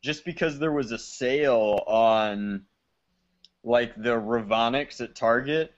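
A man's voice: mid-range voice, slow pace. A young man co-hosting a casual podcast, telling stories in a laid-back, wry way. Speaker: podcast co-host. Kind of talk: casual chat. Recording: slightly dull lo-fi sound.

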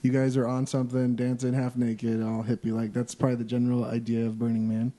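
A man's voice: medium pitch, completely flat delivery, quick pace, mellow. A man co-hosting a podcast, laid-back and asking questions. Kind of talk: casual chat.

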